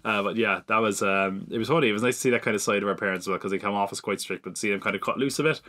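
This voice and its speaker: Male podcaster, chatty solo recap, slightly low voice with a sharp edge. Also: rapid-fire. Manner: chatty, rambling, with frequent fillers and self-mocking laughs. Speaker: podcast host. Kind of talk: casual solo TV episode recap.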